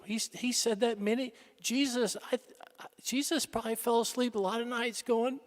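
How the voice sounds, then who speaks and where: A man preaching a sermon in a church, dramatic, swinging between loud exclamations and hushed tones. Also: very high voice, expressive, moderate pace, gravelly. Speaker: pastor. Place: large church. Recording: reverberant church hall.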